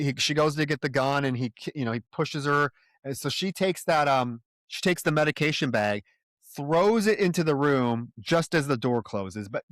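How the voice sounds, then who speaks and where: Male co-host, mid-pitched, dry close sound, excitable retelling with plenty of profanity. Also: dry recording. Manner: animated scene-by-scene retelling, swears freely. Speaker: podcast co-host. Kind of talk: casual film-discussion chat.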